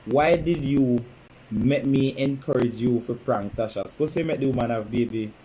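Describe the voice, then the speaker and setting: A man's voice: mid-range voice, normal speed, warm tone, slight background noise, low-quality recording. Chatty man hosting a live stream. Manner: chatty, teasing, calls out to viewers by name. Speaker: livestream host. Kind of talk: casual live-stream chat. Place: home, indoors.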